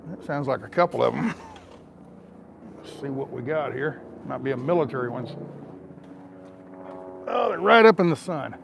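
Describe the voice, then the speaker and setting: A man's voice: mid-range voice, lively intonation, normal speed, gravelly, long pauses, a little hiss or hum. An older man with a drawl, rambling through live chat greetings outdoors with lots of fillers. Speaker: vlogger reading live chat. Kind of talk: casual live-stream chat.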